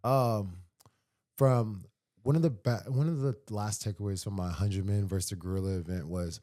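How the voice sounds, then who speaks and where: A man's voice: lowish voice, moderate pace, mellow. A man as a podcast guest, talking sincerely and repeating phrases for emphasis. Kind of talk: casual podcast conversation.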